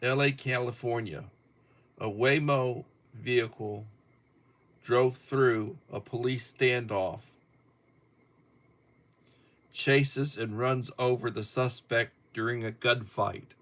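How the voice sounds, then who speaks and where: A man's voice: mid-range voice, fairly even intonation, fairly bright tone. A middle-aged man hosting a casual livestream, reading topics aloud with chuckles. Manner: slow, chuckling, reads viewer topics aloud. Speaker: livestream host.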